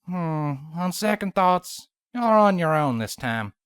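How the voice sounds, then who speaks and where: A woman's voice: on the low side, very animated, slow, clear, resonant tone, dry recording, studio quality, pitched above the performer's own voice. A woman voicing a smug, cheerful female farm pony in a storybook reading, teasing and smirking.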